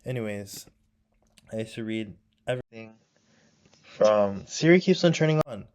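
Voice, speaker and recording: A man's voice: on the low side, animated, normal speed, darkish tone. A young man with a sore throat chatting casually while he paints, rambling and nostalgic, with many fillers. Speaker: vlogger.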